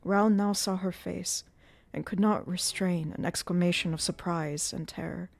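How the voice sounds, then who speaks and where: A woman narrating a classic novel aloud in a measured, dramatic reading style during a live stream. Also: lowish voice, steady tone, gravelly. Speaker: audiobook reader.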